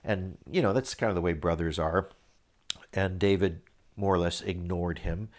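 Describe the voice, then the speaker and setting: Low-voiced man teaching a Bible story. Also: moderate pace. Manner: relaxed, conversational, with restarts. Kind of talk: Bible reading with casual retelling.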